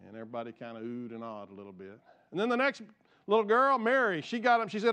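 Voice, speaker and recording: A man's voice: on the high side, fairly even intonation, fast, pushed and bright, clean tone. A male pastor preaching a conversational, jokey sermon and asking his congregation questions.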